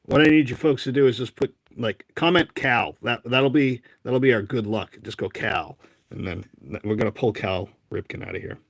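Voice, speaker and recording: A man's voice: mid-range voice, normal speed, gravelly, no room sound. A man with a Boston accent hosting a casual live stream, chatting and rambling as he calls out names one after another. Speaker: live-stream host opening card packs.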